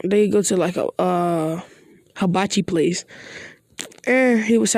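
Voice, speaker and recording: Gravelly, rambling fan storyteller. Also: mid-range voice, unhurried, a little mellow, dry recording, studio quality. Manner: rambling, hesitant, slangy with many "you know" and "bro". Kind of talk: improvised fan-fiction narration.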